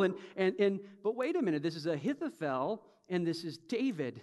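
A man preaching a sermon as pastor, emphatic, swinging from soft reflection to loud, urgent bursts and acting out imagined speakers. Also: high voice, sing-song, fast talker, few pauses. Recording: long hall reverb.

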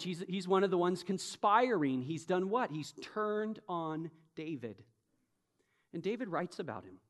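A man preaching a sermon as pastor, emphatic, swinging from soft reflection to loud, urgent bursts and acting out imagined speakers. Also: sits high, animated, unhurried. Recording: long hall reverb.

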